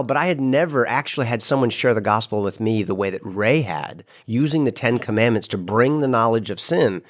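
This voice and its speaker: A man guest in casual podcast chat, telling a story with lively voiced-out quotes. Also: medium pitch. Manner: animated storyteller, acts out quoted lines.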